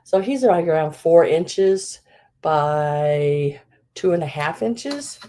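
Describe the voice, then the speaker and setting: A woman's voice: low-pitched, expressive, slow, background noise. A middle-aged woman hosting a live vintage sale, chatting casually with many fillers and laughing at herself. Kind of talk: casual live-stream selling.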